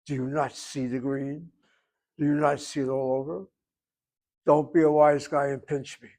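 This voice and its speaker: A man's voice: a little high, little pitch movement, moderate pace, a little mellow. An older man teaching a Hebrew class, joking and digressing, then patiently correcting a student's pronunciation. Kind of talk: online class instruction.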